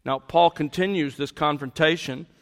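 Pastor, male, slightly high voice, slow deliberate sermon delivery, church hall reverb. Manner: deliberate, emphatic preaching with rising confrontational questions. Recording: long reverb of a large hall.

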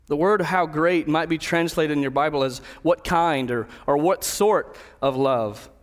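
A man preaching a sermon, telling a personal story and then slowing down to stress key words of a Bible verse. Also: a little high, long reverb tail. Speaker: pastor.

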